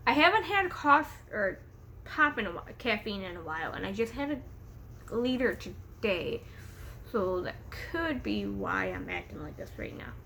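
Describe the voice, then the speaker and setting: Hyper from caffeine, a young vlogger tells a story in a casual video from a room at home with a pet bird, rambling, giggling, swearing freely, and getting easily distracted. Her mid-range voice is very animated at normal speed, with vocal fry and a fairly bright tone. A little hiss or hum sits in the recording.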